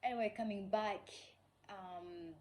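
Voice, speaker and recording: A woman vlogger casually tells a personal story, rambling with lots of fillers like "like" and "you know" and acting out the quoted dialogue. Her mid-range voice is fairly even, measured and a little mellow. The recording quality is low.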